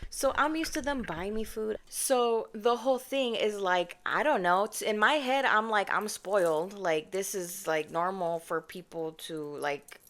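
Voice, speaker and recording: A young woman chats through a storytime at a mid pitch, sassy and animated. She calls her viewers babes and y'all and slips into mock voices to act out other people. Her own microphone sits close. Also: a little slow, hardly any pauses. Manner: chatty and expressive, mimics others with mock voices. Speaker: vlogger. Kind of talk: casual storytime monologue. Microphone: personal microphone.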